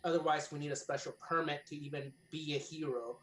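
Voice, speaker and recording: A tabletop player speaking in a halting, careful way, explaining the rules and their hero's actions. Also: medium pitch, fairly even intonation, echoey room, background noise. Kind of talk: tabletop game play.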